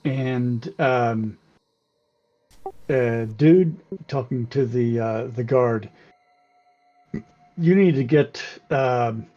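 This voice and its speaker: A man playing a tabletop game, speaking in a halting way full of ums. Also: medium pitch, muffled recording, faint music behind. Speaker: player. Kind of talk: casual tabletop play.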